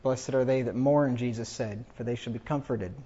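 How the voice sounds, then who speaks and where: A man's voice: medium pitch, steady tone, normal speed, mellow, muffled recording. A man preaching a funeral sermon, reading scripture aloud with rising emphasis.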